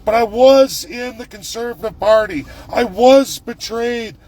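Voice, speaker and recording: Angry high-voiced man ranting. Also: unhurried, darkish tone. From Alberta, Canada. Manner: angry, profane, combative. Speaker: political vlogger. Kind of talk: angry political rant to camera.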